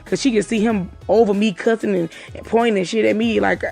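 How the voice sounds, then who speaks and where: A woman's voice: mid-range voice, steady tone, vocal fry, a little mellow, faint music behind. A woman casually recounting events from a night out, swearing freely and acting out what others said. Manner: profane, talks fast and acts out the quotes. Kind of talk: casual storytelling.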